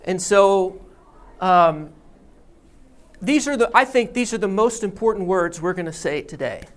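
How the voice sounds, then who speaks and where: A pastor preaches a sermon, telling a story and teaching in a deliberate storytelling way. His mid-range voice has lively intonation.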